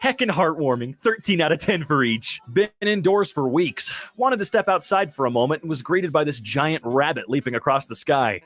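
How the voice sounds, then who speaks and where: A man's voice: fairly high pitch, expressive, moderate pace, few pauses, a bit bright. A man hosting a casual reaction commentary, reading captions aloud and adding joking asides. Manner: jokey asides after each reading. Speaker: host reacting to wholesome posts.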